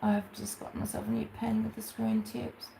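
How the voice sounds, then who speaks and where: A woman's voice: a little high, monotone, moderate pace, gravelly, mellow, a little hiss or hum. Chatty Australian woman rambling on a craft livestream. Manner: chatty and rambling, with many fillers and asides to viewers. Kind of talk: casual chat while crafting on a livestream.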